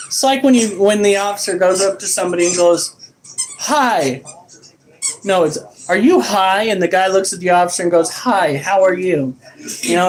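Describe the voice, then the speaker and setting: A man's voice: sits high, darkish tone, slight background noise, poor audio. A man chatting casually in a home vlog, sarcastic and grumbling, joking with his wife. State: panting after push-ups. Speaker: vlogger.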